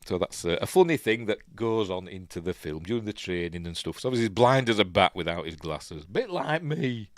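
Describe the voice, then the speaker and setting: A man's voice: fairly low pitch, very animated, moderate pace, a bit bright, no room sound, clean studio sound. Rambling Yorkshire man reviewing a film. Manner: rambling, chuckles at his own asides. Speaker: film review podcast host. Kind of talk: casual film commentary.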